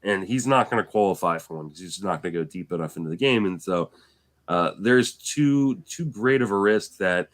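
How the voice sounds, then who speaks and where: A man's voice: on the low side, moderate pace. A man co-hosting a podcast while still getting over an illness, telling stories casually with some swearing. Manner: storytelling, animated, swears casually. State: recovering from illness. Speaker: podcast co-host. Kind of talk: casual chat.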